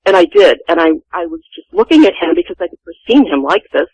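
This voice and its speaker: A woman in her sixties with a gravelly voice recounts a family memory as a guest, earnest and vivid. The sound is dry and close, with no room around her. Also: fairly low pitch, sing-song, fast, darkish tone, dry recording, low-quality recording. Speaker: guest telling a personal story. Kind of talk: first-person storytelling.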